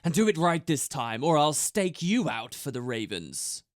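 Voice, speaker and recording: A man's voice: a little high, big pitch swings, moderate pace, no echo, studio quality. A man voicing a stern female Charr soldier who snarls orders and answers in clipped military replies. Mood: snarling.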